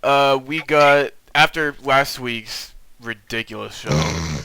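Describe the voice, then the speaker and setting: A young man hosts a casual wrestling chat, his voice bright and ringing clear. He rambles along with plenty of fillers and restarts and laughs easily. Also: medium pitch, big pitch swings, slow pace, no room sound, rough recording. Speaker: podcast host.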